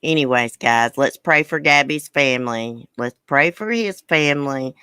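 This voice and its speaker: A woman's voice: very deep voice, measured pace, bright, forceful tone, clear, resonant tone, dry recording. An older woman with a thick Southern country accent, chatting casually on a livestream and reading viewer comments aloud. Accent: American Southern. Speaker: livestream host.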